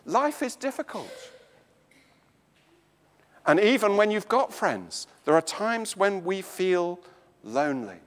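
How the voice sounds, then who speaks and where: An English man preaching a slow, emphatic sermon in a church. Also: very animated, fairly bright tone, in a large hall. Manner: slow, emphatic preaching with dramatic swings of pitch and volume.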